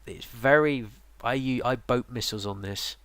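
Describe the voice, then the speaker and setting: A man's voice: medium pitch, moderate pace, smooth, no room sound. A man, tired and yawning, casually explaining a game's units with plenty of ums and restarts. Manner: relaxed, rambling with many ums and restarts. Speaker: game guide presenter. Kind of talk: casual game tutorial narration.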